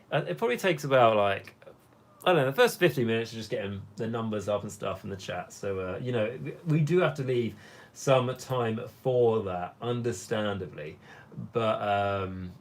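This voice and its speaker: A young man hosts a casual hobby live stream and talks in a loose, rambling way. His voice sits at an ordinary middle pitch, and he fills his speech with ums and asides as he answers the chat. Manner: rambling, chatty, many fillers.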